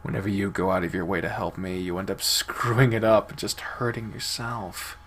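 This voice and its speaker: A man hosting a let's-play, reading a visual novel aloud with expressive delivery that swings between soft and loud. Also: sits low, normal speed, a little hiss or hum. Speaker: game let's-play host.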